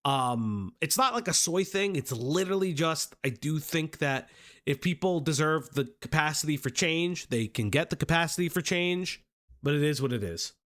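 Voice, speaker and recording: High, lively male streamer. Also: moderate pace. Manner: rambling, profane, many fillers and restarts. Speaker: livestream commentary host. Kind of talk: casual livestream chat.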